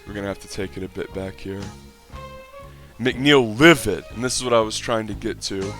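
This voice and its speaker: Profane, exasperated man with a low voice. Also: moderate pace, faint music behind. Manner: profane, exasperated, bursts into shouting excitement. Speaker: online video commentator. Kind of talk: mock play-by-play commentary and rant.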